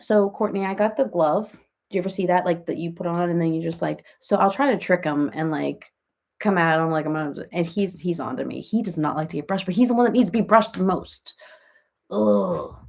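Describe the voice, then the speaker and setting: Gravelly rambling reality-TV cat lady, played by a woman. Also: lowish voice, normal speed, a little mellow. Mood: chatty. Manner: rambling and chatty, baby-talks her cats, answers viewers by name. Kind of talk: comedic parody livestream chat.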